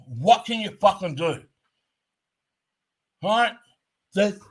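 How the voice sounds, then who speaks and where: A man delivering a fired-up commentary rant. His voice sits a little higher than most men's, and every point comes out blunt and laced with swearing. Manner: profane, blunt and emphatic.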